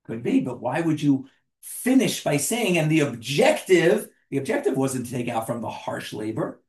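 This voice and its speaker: A man's voice: on the high side, very animated, normal speed, darkish tone. Man teaching a class in an echoey room. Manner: asks the group questions and jokes with them. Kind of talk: interactive class talk.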